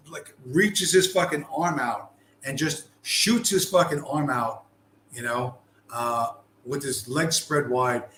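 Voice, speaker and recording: A man's voice: medium pitch, fairly bright tone, slight background noise. Male commentator, blunt and sarcastic, swears constantly; echoey room, faint ambience. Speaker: video commentator. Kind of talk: profane commentary over a screen-shared video.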